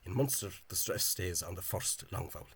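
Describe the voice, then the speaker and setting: A man with a very low, husky voice talks through a language topic in an informal video. He thinks aloud as he goes, wandering off into side points with a scholarly bent. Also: animated, fairly quick. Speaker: Irish-language spelling enthusiast. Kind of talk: informal explanatory video talk.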